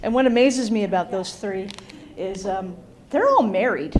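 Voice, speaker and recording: A woman's voice: medium pitch, normal speed. A woman doing a stand-up comedy set in a club, teasing the crowd and making fun of herself. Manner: self-deprecating, teasing the crowd. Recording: loud crowd laughter and bar noise.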